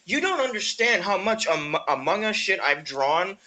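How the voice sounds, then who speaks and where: A young adult man co-hosting a casual podcast, chatty and quick to laugh, swearing casually. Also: high-pitched, big pitch swings, pushed and bright, poor audio. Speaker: podcast co-host. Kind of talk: casual gaming chat.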